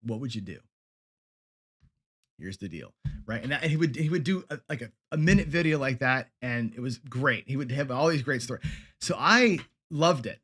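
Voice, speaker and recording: A man's voice: mid-range voice, expressive, a little fast, a bit bright, breathy edge. A middle-aged man hosting a live lesson show, chatting casually with viewers and answering their comments, with lots of fillers and restarts. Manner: conversational, many fillers and restarts. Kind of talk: casual livestream teaching, reading viewer comments.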